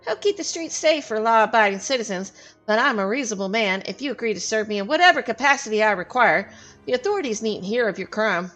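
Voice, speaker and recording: A woman's voice: a little high, expressive, quick pace, a bit bright, faint music behind. A woman voicing a bullying, greedy male merchant in a game scene, sneering and threatening. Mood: smug.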